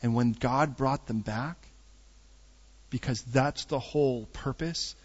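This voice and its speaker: A middle-aged man preaching a storytelling sermon, joking and swinging between loud bursts and hushed asides. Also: mid-range voice, takes it slowly, breathy edge. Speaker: pastor. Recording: dull lo-fi sound.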